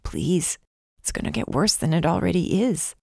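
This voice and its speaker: A woman voicing a gravely ill young man in an audiobook, speaking weakly and pleadingly, often near a whisper. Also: on the low side, animated, moderate pace, no room sound, studio quality. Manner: weak, hushed and pleading. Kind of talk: audiobook character voice.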